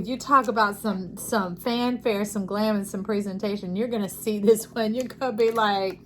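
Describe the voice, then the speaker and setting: A woman giving an intuitive tarot reading, playful and affectionate, who swings between sing-song enthusiasm and soft, hushed tones. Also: mid-range voice, steady tone, moderate pace, slight background noise. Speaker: tarot reader.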